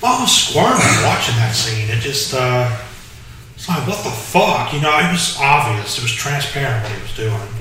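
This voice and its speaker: A man co-hosting a casual podcast chat, talking in halting bursts with many fillers and restarts. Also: medium pitch, sing-song, pushed and bright, slight background noise. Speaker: podcast co-host. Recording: echoey room, mic far off.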